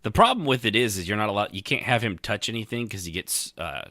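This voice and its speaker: Man, low pitch, bright sharp tone, lively swings, joking sarcastic podcast co-host, dry close mic. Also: fast talker, no echo. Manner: joking, sarcastic, laughs often. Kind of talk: casual chat.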